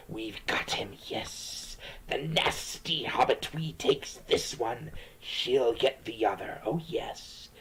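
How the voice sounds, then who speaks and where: A man's voice: mid-range voice, fairly bright tone, low-quality recording. A man doing a hissing whispery Gollum. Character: creepy hissing male Gollum creature.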